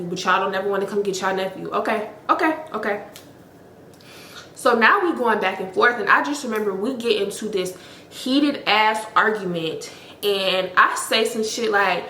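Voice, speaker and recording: A young woman, telling a story in a casual, animated way with lots of emphasis. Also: mid-range voice, echoey room, slight background noise. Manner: animated, emphatic, heavy use of "like". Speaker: storytime vlogger.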